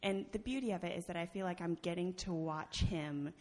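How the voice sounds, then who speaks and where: A woman's voice: on the low side, a little fast, darkish tone. Chatty woman telling a church testimony. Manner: chatty storytelling, laughs often, many fillers. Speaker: church children's teacher sharing a testimony. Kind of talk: personal testimony to a congregation. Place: church sanctuary. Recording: long reverb of a large hall.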